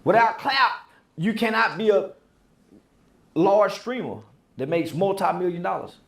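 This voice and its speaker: A man giving a heated interview, blunt and preachy, firing off rhetorical questions and sometimes raising his voice to a shout. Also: sits high, expressive, measured pace, roomy sound. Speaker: interview guest. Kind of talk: heated opinionated interview talk.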